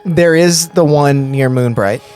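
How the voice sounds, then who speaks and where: A man narrating as game master of a tabletop game, pausing often with fillers. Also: a little high, darkish tone, clean tone, soft background music. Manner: halting, with many fillers.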